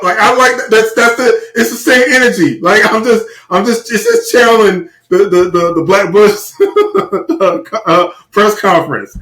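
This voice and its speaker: A man co-hosting a casual podcast, trading profane, animated banter. His voice sits a little high for a man. The room is echoey. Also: normal speed, hardly any pauses. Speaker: podcast co-host. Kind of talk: casual chat.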